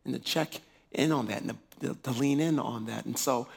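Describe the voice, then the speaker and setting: A man telling a personal faith testimony in a lively way, acting out the voices in his story. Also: medium pitch, a little fast, vocal fry, slightly rough. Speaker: preacher sharing a testimony.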